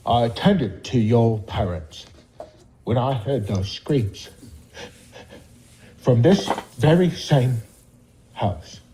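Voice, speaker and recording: A formal, solemn old butler with a slow, measured delivery, put on by a man. The voice sits low and dark, devoted and proper in every word. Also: full character voice, low-quality recording.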